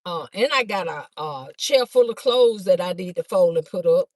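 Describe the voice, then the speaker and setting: A woman chatting fast on a phone livestream to her viewers, a bit out of breath as she walks from a car through a garage into a house. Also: fairly low pitch, lively intonation, no room sound. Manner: chatty, talks fast to viewers, calls them "y'all". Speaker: livestream host and vendor. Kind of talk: casual livestream chat to viewers. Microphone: phone held by hand.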